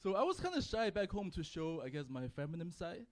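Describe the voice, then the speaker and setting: A man's voice: on the high side, very animated, a little fast. Wry young man doing stand-up. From China. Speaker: stand-up comedian. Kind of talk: stand-up comedy set. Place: comedy club with live audience.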